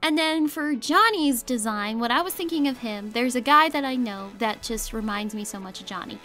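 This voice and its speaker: Woman, rambling casual voice-over, giggly, bright tone, slightly high voice. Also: lively intonation, normal speed. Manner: rambling, giggly, self-conscious. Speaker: art channel host.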